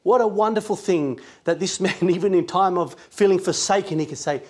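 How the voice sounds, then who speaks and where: Male preacher, earnest sermon delivery, slightly higher voice. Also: fairly quick, hardly any pauses, husky. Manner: earnest, emphatic preaching with scripture quotes.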